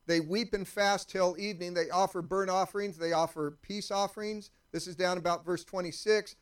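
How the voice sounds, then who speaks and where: A man's voice: sits high, smooth. A male pastor preaching a sermon in a conversational way, often putting questions to the congregation.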